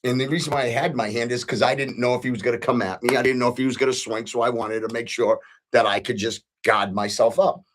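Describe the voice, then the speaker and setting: Middle-aged male host with a mid-pitched voice, rambling earnestly through a personal story. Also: fairly even intonation, fast. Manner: earnest, repeats himself, frequent ums and restarts. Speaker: podcast host. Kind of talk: casual storytelling monologue.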